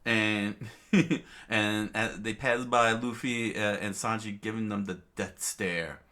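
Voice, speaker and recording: A man casually reading a comic aloud, halting with many fillers and restarts and chuckling now and then. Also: fairly low pitch, steady tone, pushed and bright. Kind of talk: casual read-aloud narration.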